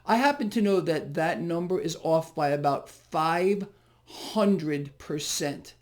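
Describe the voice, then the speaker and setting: A man's voice: on the high side, lively intonation, slow pace. A man giving unscripted market commentary, blunt and emphatic, who repeats key phrases for stress and throws rhetorical questions at the viewer.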